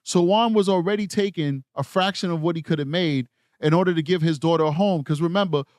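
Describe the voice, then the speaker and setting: A man's voice: fairly high pitch, a little fast, a little mellow, no room sound, studio quality. A man hosting a true crime livestream, commenting emphatically and repeating his points while reading live chat. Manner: emphatic, repetitive, argumentative.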